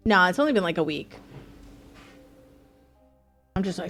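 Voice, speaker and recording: A woman streaming a game live, chatting in a bubbly, excitable way with her viewers. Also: lowish voice, normal speed, soft background music. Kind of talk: casual live-stream chat.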